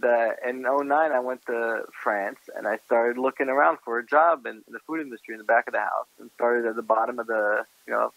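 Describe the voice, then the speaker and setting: A man in his thirties with an American accent, a chef answering interview questions in a halting way, restarting and repeating words. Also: mid-range voice, creaky, a bit bright, no room sound, rough recording. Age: 30s. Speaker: guest chef.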